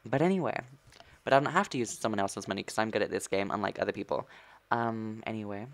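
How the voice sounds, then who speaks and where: A man's voice: fairly low pitch, fast talker. Man, gaming streamer, sassy chatter, sudden squeals, gameplay commentary.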